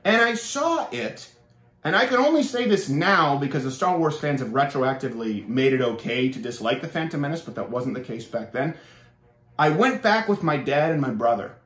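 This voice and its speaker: A high-voiced young man from Canada rants sarcastically as a show host, his pitch leaping up and down as he goes. He stumbles and restarts often. The room around him sounds echoey. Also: moderate pace. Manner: animated, sarcastic, with many restarts. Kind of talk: opinionated monologue.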